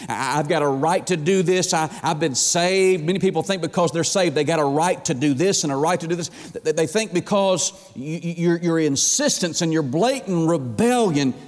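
A male pastor preaching a sermon, swinging from high, urgent pleas to hushed low tones and stammering when fired up. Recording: long reverb of a church hall.

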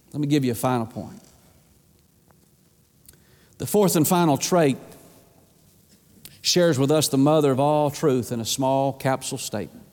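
A man's voice: medium pitch, a little mellow, long reverb tail. A man preaching a sermon with passion, repeating phrases for emphasis. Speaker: pastor.

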